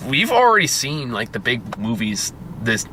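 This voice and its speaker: A man's voice: mid-range voice, big pitch swings, moderate pace, pushed and bright, a little hiss or hum. A man hosting a casual movie review chat, rambling, laughing often and swearing freely.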